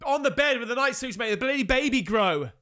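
A man reacting to a clip in casual, excitable commentary, swearing freely and throwing "mate" around. His voice sits unusually high and bounces all over the place, with a bright, sharp edge. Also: brisk. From England. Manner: excitable, swears often, calls the viewer mate. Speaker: reaction video host.

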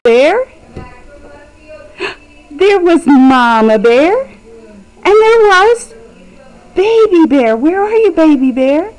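Animated, high-voiced woman teacher. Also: slow, long pauses, slight background noise, low-quality recording. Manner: animated, encouraging, sing-song prompting. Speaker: preschool teacher. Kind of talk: guiding children through a story. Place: classroom.

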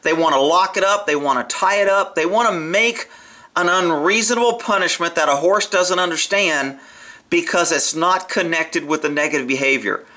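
Brief: male video commentator, high and bright, blunt and profane, casual opinionated delivery. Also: moderate pace. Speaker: video commentator on horse training.

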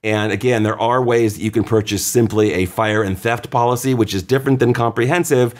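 A man hosting an insurance advice show, explaining coverage in a chatty, plainspoken way, acting out quick customer quotes and often restarting his sentences. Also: mid-range voice, steady tone. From California. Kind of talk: casual explanatory radio talk.

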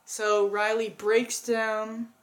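A woman's voice: a little high, level tone, very slow. A woman co-hosting a casual movie review, earnestly retelling the plot step by step.

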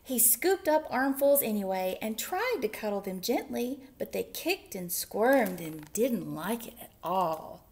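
A woman who is a children's librarian, reading picture books aloud in an animated, sing-song way that often drops into whispers. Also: on the high side, a little slow, hardly any pauses. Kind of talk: storytime read-aloud.

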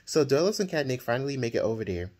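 A man giving a casual, lively recap of a novel he has read, acting out the characters' lines in his own voice. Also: mid-range voice, quick pace. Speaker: book reviewer and author.

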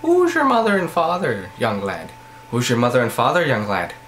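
A man voicing an Irishman asking a young lad who his parents are, in a deliberately poor put-on Irish accent and a sing-song questioning manner. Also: mid-range voice, wildly swooping pitch, fairly bright tone, reverberant, slight background noise. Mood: mocking. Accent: put-on Irish, poorly done.

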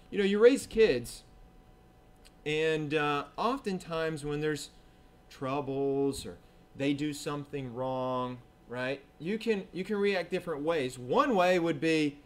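A man with a fairly high voice delivers a sermon in church. His talk is casual and conversational. He acts out quoted voices and keeps asking the congregation "right?". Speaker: preacher.

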